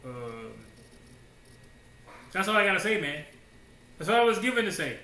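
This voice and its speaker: A man preaching a sermon in a casual, slangy way, swinging between hushed asides and loud declarations with many rhetorical questions. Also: high voice, big pitch swings, moderate pace. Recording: roomy echo.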